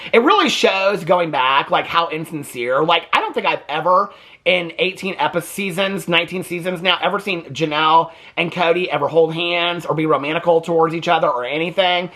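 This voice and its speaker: A man hosting a casual TV recap vlog, sassy, gossipy and profane, in an animated delivery. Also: on the high side. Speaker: host.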